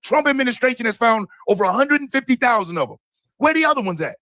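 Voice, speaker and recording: High-voiced emphatic male commentator. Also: sing-song, quick pace, pushed and bright, no echo. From Michigan. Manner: emphatic, indignant. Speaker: host. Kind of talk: political commentary.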